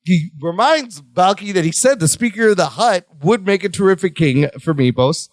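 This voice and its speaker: A man with a high voice talks through a sitcom episode with his co-host, slipping into the characters' lines as he goes and laughing often. The sound is dry and close, with no room around him. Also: lively intonation, normal speed, dry recording. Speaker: podcast co-host. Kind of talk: casual chat recapping a sitcom episode.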